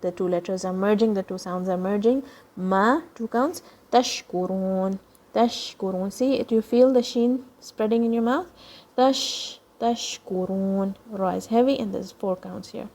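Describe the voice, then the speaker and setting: A woman teaching children Quran recitation, patiently explaining each sound and modeling words slowly for them to copy. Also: mid-range voice, dark tone. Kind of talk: children's tajweed lesson.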